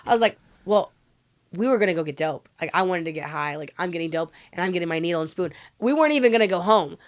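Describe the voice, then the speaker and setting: A woman guest on a podcast, telling her story candidly in an emotional, rapid way, full of "like" fillers and swearing. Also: lowish voice, expressive.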